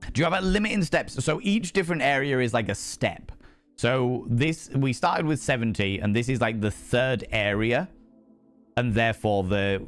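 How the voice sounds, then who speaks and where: A man chatting casually and playfully with his viewers while streaming a game, swearing freely. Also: medium pitch. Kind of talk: casual live-stream chat while gaming.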